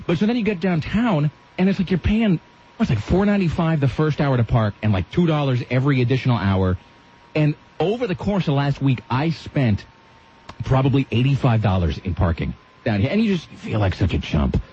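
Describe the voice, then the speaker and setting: A man's voice: mid-range voice, fairly quick, breathy edge. A man hosting a radio show, telling rambling stories with lots of asides in casual on-air banter. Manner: rambling, animated storytelling with asides. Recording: dull lo-fi radio sound.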